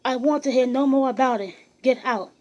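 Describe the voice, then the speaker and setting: A woman reading aloud, voicing a middle-aged male scientist who shouts in vehement, clipped bursts. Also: sits high, fairly quick, lo-fi sound, lightly acted. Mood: angry. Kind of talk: audiobook reading.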